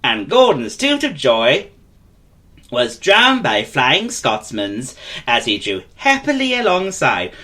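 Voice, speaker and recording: A man unhurriedly telling a children's story with a gentle, gossipy touch. His voice rises and falls in a lively, playful sing-song. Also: mid-range voice, slow. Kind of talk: impression of a classic children's storyteller.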